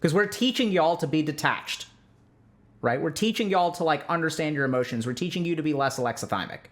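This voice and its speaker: A man with a slightly higher-than-usual voice talks through parenting advice like a clinician chatting with his audience. His delivery is loose and conversational, studded with "like" and tag questions such as "right?" and "okay?". He turns sarcastic when mocking strict ideas. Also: lively intonation, a little fast, fairly bright tone. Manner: conversational, full of "like" and "right?" check-ins. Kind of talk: casual explanatory talk.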